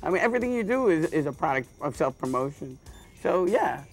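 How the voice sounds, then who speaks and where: A man who is a stand-up comedian, rambling through deadpan jokes with lots of stammers and restarts. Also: on the high side, a little fast, soft background music. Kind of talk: joking interview monologue.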